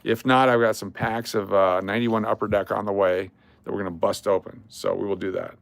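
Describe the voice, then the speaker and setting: Low gravelly man hosting a livestream. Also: level tone, a little fast, dry recording. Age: older. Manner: rattles off lists of cards, talks to viewers. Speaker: livestream host. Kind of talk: casual livestream chat.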